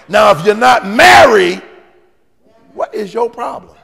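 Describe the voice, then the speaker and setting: A male pastor preaching to his congregation with call-and-response and playful teasing, swinging between sudden shouts and quiet asides. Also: sits high, animated, a little slow, vocal fry, long pauses, husky, big-room sound. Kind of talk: sermon. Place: church sanctuary with congregation.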